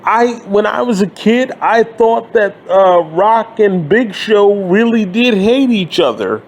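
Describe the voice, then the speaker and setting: A man's voice: high-pitched, expressive, slow. A man in his thirties ranting bluntly and sarcastically, swearing freely as he gives his opinions. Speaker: wrestling commentary YouTuber. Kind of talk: profane ranting monologue.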